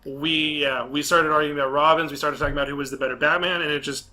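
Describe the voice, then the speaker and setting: A man's voice: on the high side, fairly even intonation, quick pace, sharp tone. A young man hosting a casual podcast, rambling enthusiastically about films with many restarts and fillers. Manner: rambling, restarts often, enthusiastic film fan. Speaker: podcast host. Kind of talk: casual chat.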